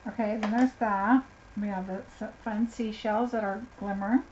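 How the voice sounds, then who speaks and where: A woman's voice: medium pitch, steady tone, moderate pace, a little mellow. A woman doing a chatty live unboxing, gushing over each craft item and talking to viewers by name. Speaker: craft demonstrator. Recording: slightly dull lo-fi sound, faint noise.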